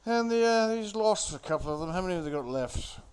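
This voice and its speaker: A man's voice: high voice, expressive, fairly quick, clean tone. A man giving casual, rambling commentary on a film he is watching, sardonic and full of swearing. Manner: sardonic, crude, profane, off-the-cuff.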